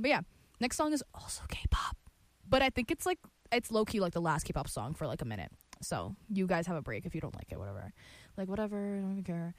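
A woman's voice: medium pitch, no room sound. Bubbly young woman radio host rambling between songs, dry close sound. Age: young adult. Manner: chatty, filler-heavy, bubbly. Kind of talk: casual music show chat.

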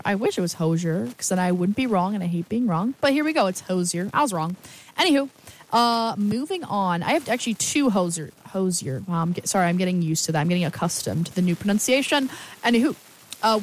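A woman's voice: medium pitch, a little hiss or hum, poor audio. A young woman radio DJ chatting casually between songs, rambling and poking fun at herself as she wanders off on tangents. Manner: rambling, chatty, self-mocking, goes off on tangents.

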